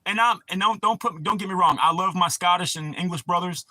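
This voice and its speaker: A man's voice: high-pitched, fairly quick, bright, forceful tone, no room sound. A man, hosting a casual livestream and rambling crudely with a lot of swearing. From United States. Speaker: livestream host.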